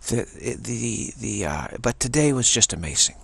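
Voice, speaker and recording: A man giving a casual personal testimony, halting often and repeating words as he goes. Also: mid-range voice, animated, vocal fry, fairly bright tone, husky.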